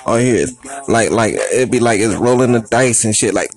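Gravelly man telling a rambling comic story. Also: lowish voice, a little slow, very noisy. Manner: rambling, repetitive, swearing, frequent "you know what I mean". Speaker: comedian.

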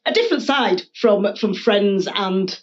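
A woman, hosting a relaxed conversation, animated and quick to laugh, often repeating words while she searches for them. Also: mid-range voice, highs cut off. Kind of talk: casual conversation.

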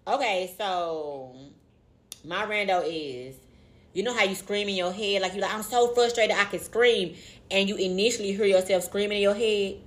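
Woman cohost on a chill podcast, mid pitch, just chatting loose and candid. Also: moderate pace. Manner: candid, joking, trades banter and slang. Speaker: podcast co-host. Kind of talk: casual chat.

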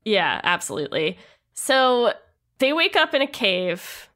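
A woman's voice: medium pitch, big pitch swings, a little slow, sharp tone. A woman co-hosting a podcast in casual chat, laughing often and steering the discussion. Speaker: podcast co-host.

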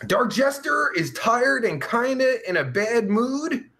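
Reading out chat on his live stream, a young man riffs sarcastically and profanely, rambling as he goes. He sounds very animated and forceful, with a high, bright voice for a man that swoops around, punctuated by groans and drawn-out sighs, all at a slow pace.

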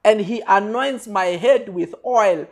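A preacher delivering a sermon, repeating refrains and swinging from quiet lines to shouted peaks. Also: mid-range voice, slow.

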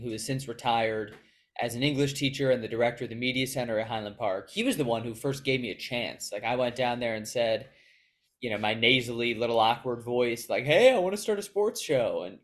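A young man, a guest in an interview, answering earnestly and reflectively about his path in sports media. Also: mid-range voice. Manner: earnest, reflective, quick storytelling. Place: Chicago.

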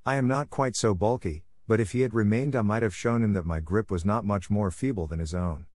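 A man voicing a calm, dryly ironic detective in a storybook reading, bland and unruffled. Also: lowish voice, brisk, natural voice.

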